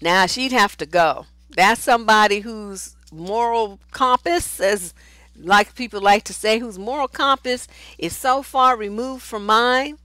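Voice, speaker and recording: A woman's voice: mid-range voice, measured pace, sharp tone, dry recording. A woman relationship coach giving casual advice talk and answering viewer comments, blunt and outspoken, swearing freely.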